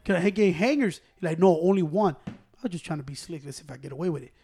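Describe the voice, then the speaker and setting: A young man telling a story in casual chat with friends, profane and animated, breaking into laughs. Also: high voice, quick pace, breathy edge. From Hispanic American.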